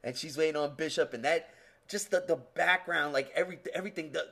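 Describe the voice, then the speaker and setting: A man co-hosting a podcast, talking about movies in an excitable way with lots of swearing. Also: fairly high pitch, fast talker, creaky. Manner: excitable, swearing, re-enacts scenes. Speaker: podcast co-host. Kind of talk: casual movie chat.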